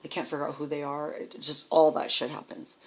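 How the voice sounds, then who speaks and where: A woman in her fifties telling her own story candidly and emotionally, blunt and quick to swear. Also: sits low, level tone, rough recording. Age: 50s.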